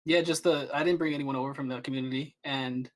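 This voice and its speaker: A man's voice: mid-range voice, fairly even intonation, fast. A young man chatting as a podcast guest, rambling with many restarts and fillers. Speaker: guest streamer. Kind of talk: casual podcast chat.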